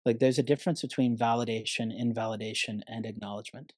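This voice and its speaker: A man's voice: medium pitch, fairly even intonation, quick pace, darkish tone, dry recording, clean studio sound. A man speaking as a therapist guest on a podcast, earnest and emphatic, often calling the listener "man". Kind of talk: conversational podcast interview.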